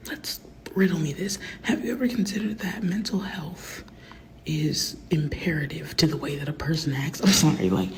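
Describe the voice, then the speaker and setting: A woman's voice: sits low, creaky, background noise. A woman rapper in a profane, rambling livestream rant that often sinks to a whisper.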